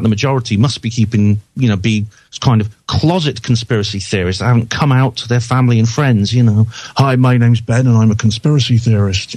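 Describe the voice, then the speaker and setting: A man's voice: medium pitch, no echo. A man, a guest on a radio talk show, speaking conversationally with hesitant restarts. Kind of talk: casual interview chat.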